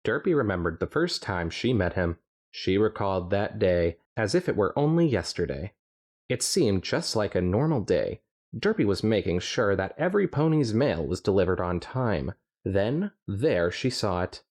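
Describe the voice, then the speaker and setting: A man's voice: on the low side, very animated, normal speed, darkish tone. A man co-hosting a podcast, reading fanfiction aloud with playful, jokey asides. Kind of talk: reading aloud with casual chat.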